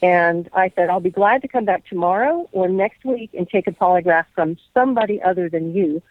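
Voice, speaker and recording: A woman's voice: fairly low pitch, brisk, no room sound, narrow, tinny audio. A woman guest on a radio interview, earnestly telling a long personal story and quoting what people said. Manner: earnest, recounts dialogue at length. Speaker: guest, whistleblower.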